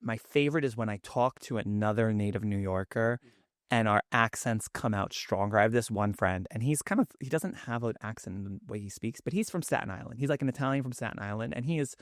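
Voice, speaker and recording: A man's voice: on the low side, brisk, no room sound. Brief: man in his thirties, Queens New York accent, effusive podcast guest, dry close sound. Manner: chatty and effusive. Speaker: guest, cookbook author. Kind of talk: casual podcast chat.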